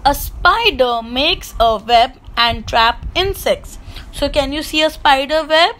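A woman with an Indian English accent, teaching an online class to young children in a slow, sing-song way. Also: sits high, animated, fairly bright tone, poor audio. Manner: slow, sing-song, mimics animal sounds for kids.

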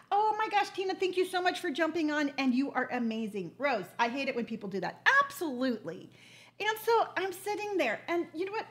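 A woman in her sixties hosts a relaxed live chat. Her voice sits high, and she talks in a lively, storytelling way, jumping from detail to detail. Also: moderate pace. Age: 60s. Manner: chatty, animated storyteller. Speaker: livestream host. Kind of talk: casual chat.

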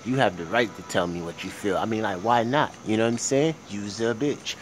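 A young man ranting profanely in a casual vlog, swinging between low mumbling and loud shouting. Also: a little fast, a little hiss or hum. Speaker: vlogger.

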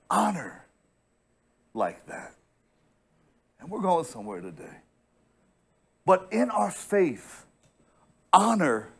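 An American pastor preaching with emphatic storytelling, his voice sitting fairly high for a man. He doubles back on words as he builds a point. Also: creaky. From United States. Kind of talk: sermon.

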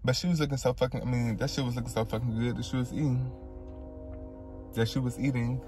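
Speaking quickly at a medium pitch over faint music, a sick young man vlogs from home. Food poisoning has him laid up, and he's bitten his tongue sore. Indoors in his apartment, he chats animatedly to a tripod camera, cursing freely and speaking right to his audience.

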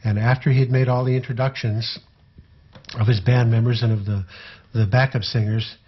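An older man, a former tour manager, telling personal anecdotes in a relaxed, halting way. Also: mid-range voice, husky, lo-fi sound. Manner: relaxed, halting storyteller with fillers.

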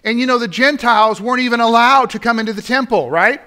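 A man's voice: extremely high pitch, fast, bright, forceful tone. A man preaching a sermon in a church, building to emphatic points and turning to the congregation with asides. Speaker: pastor. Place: church sanctuary.

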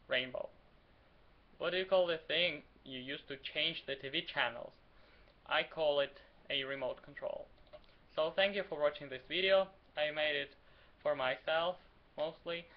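Young Ukrainian man reading a word list. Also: mid-range voice. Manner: casual, self-mocking. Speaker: vlogger. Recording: dull lo-fi home recording.

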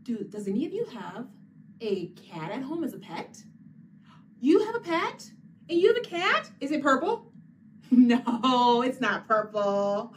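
High, lively storytelling woman, slow and sing-song. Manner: sing-song, encouraging, talks to unseen children and makes animal sounds. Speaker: children's librarian. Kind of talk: reading a picture book aloud to young children. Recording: distant mic with faint background noise.

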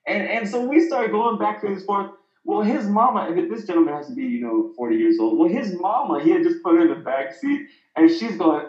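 Animated man telling faith stories. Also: sits high, normal speed. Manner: animated storytelling with lively voiced quotes. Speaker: speaker. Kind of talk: inspirational Christian talk. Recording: roomy muffled sound.

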